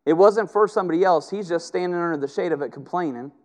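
A middle-aged pastor preaches with fervor, and his voice sits a little higher than most men's. He swings between loud, emphatic bursts and hushed, personal moments, leaning hard on single words. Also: fast talker. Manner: impassioned, swings between loud emphatic peaks and quiet intimate stretches. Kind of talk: sermon.

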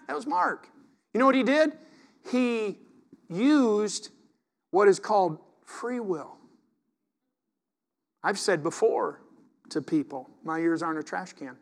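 High-voiced preaching man. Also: animated, slow, gravelly, pauses often. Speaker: pastor. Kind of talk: sermon.

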